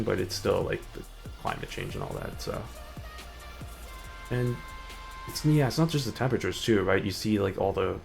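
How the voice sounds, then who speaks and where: A man's voice: on the low side, gravelly, darkish tone. A young adult man streaming a game, chatting in a rambling way with lots of fillers. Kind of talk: casual gaming chat. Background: faint background music.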